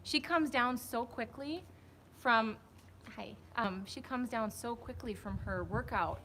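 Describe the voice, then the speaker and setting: A young woman with a fairly high voice talks her viewers through a horse lesson, rambling and chatty as she works. She speaks from a riding arena into a camera set on a tripod. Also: slow, sharp tone, a little hiss or hum. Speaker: horse trainer. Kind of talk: live-stream riding commentary.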